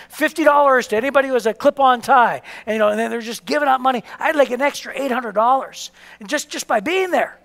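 Animated high-voiced male pastor preaching. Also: in a large hall. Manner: animated storytelling, acts out voices. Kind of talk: sermon. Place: church hall.

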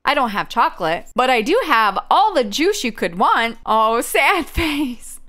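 A woman voicing a kind young island girl, reading game dialogue in a gentle, coaxing way. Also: on the high side, sing-song, unhurried. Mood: caring.

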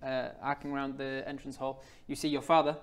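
A man narrating a tabletop game as game master, describing scenes with many pauses. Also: medium pitch, flat delivery.

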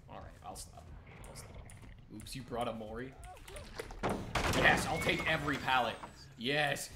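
A man giving playful, chatty gameplay commentary, teasing other players and squealing up high when he goofs around. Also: pushed and bright. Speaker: gaming streamer. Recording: roomy sound with audible background noise.

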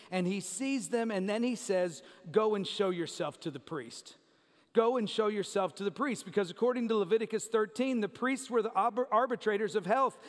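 A man preaching a sermon in a conversational way, speaking to the congregation in a church sanctuary. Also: high voice. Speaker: pastor. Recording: long church reverb.

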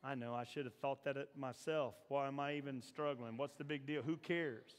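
A man preaching a sermon in a church, shifting from low, confiding talk to loud, shouted exhortation. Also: steady tone, normal speed, in a large hall. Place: church sanctuary.

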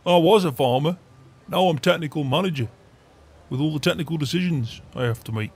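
A beer-loving farmer, voiced by a man, talks in gruff, chuckling game roleplay banter. He swears freely, and his voice sits a little high for a man. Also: a little fast, a little mellow. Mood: jovial. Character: jovial beer-loving older male farmer.

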